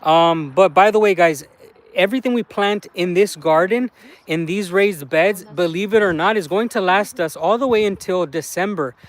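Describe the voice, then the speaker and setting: Rambling man live-streaming from a garden. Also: high voice. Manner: rambling, many fillers, greets chat viewers. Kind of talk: casual live-stream chat. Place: outdoors in a garden plot.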